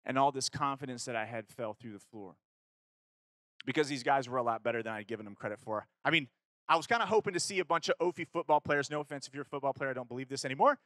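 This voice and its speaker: Here a Kentucky man speaks fast at medium pitch, with no echo. His personal story, aimed at youth, comes out casually, with fillers, self-corrections, and lively acted-out exchanges.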